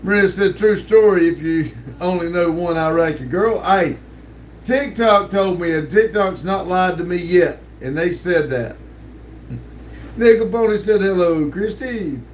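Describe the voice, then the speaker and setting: Unhurried and high-voiced, the older livestream host drawls easily through chat messages, reading them aloud with plenty of laughter. He's in a home room with a sticker wall, and slight background noise is audible.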